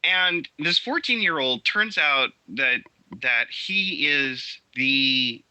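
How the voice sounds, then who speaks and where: A man's voice: mid-range voice, lively intonation, slow, sharp tone, clear, resonant tone, dry recording, poor audio. A man chatting as a podcast guest, telling stories enthusiastically and restarting his sentences often with many fillers. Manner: enthusiastic storytelling. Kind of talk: casual interview talk.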